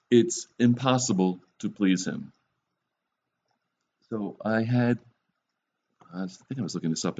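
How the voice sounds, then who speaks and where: A man gives a relaxed, conversational sermon, teaching from scripture and tossing in wry, joking asides. His voice sits on the low side. The recording sounds dull and lo-fi. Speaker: preacher.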